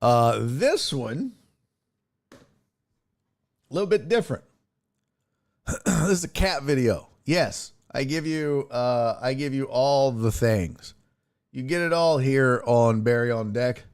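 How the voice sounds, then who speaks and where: A man's voice: medium pitch, lively intonation, slow pace, pauses often. A man hosting a livestream, chatting casually and swearing freely. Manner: laid-back, profane, chatty. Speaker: livestream sports talk host.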